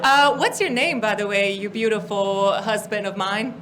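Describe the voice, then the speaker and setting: A woman's voice: medium pitch, moderate pace, background noise. A woman from Estonia doing stand-up, teasing the audience playfully at a live comedy venue. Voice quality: playful crowd work, teasing.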